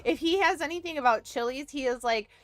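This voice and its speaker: A woman's voice: high voice, fast talker, no echo. A young woman streaming a game, chatting casually to her viewers, rambling and giggling often. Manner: giggly, rambling, talks to chat. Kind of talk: casual livestream chat while gaming.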